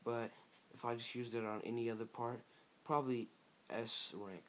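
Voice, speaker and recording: A man casually improvising a fan story, halting often with fillers and restarts. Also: mid-range voice, steady tone, a little hiss or hum.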